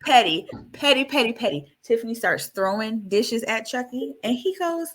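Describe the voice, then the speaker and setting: Woman podcast co-host, animated storyteller, slightly high pitch, casual chat. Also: moderate pace, hardly any pauses. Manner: animated storyteller, acts out scenes; swears freely.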